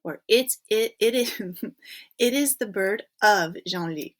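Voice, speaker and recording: A woman's voice: medium pitch, takes it slowly. A woman teaching a recorded French lesson in English, patiently prompting students to think and checking in with frequent okays.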